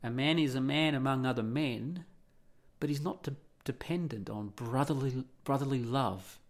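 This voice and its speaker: Gravelly, blunt middle-aged man ranting. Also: medium pitch, normal speed. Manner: blunt, profane, rhetorical questions. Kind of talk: opinionated monologue.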